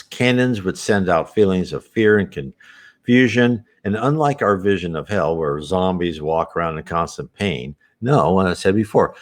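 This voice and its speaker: A man hosting a spiritist program, talking casually and rambling with many restarts. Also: sits low. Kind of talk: casual spoken commentary.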